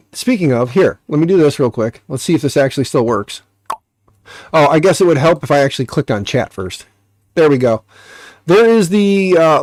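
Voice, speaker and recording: A man's voice: on the high side, darkish tone, no echo, clean studio sound. Stuffy-nosed American man chatting on stream. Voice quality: nasal, stuffy. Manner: rambling, joking, many fillers. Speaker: livestream host. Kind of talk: casual live-stream chat.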